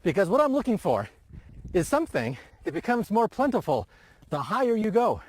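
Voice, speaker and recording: Older man, animated documentary narration. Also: high voice, moderate pace, slight background noise. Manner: dramatic, emphatic delivery. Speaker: documentary presenter. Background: background music.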